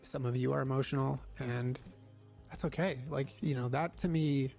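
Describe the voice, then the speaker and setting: Young guy host, all choked up, gravelly voice, lots of ums and restarts, soft music underneath. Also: medium pitch, steady tone. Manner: halting, many fillers and restarts. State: emotional, near tears. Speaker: podcast host and streamer. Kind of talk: casual farewell talk to listeners.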